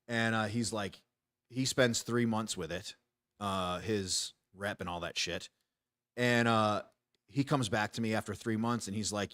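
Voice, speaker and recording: An American podcast host in his forties, a retired Army veteran, runs a casual talk show from a small home studio, speaking bluntly, swearing, and frequently restarting sentences. His voice is fairly low with a somewhat bright tone and a moderate pace. The sound is clean studio quality with no room sound.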